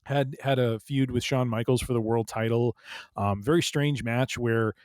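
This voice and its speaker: A man's voice: medium pitch, fairly even intonation, normal speed, darkish tone, no echo. A man co-hosting a casual podcast chat, rambling with lots of fillers and restarts. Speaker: podcast co-host.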